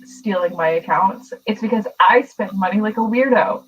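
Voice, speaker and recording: A woman's voice: medium pitch, moderate pace, recorded from a distance, highs cut off, very noisy. A woman chatting casually with friends on a video call, wry and self-mocking. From Boston area, United States. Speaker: co-host. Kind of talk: casual group chat over video call.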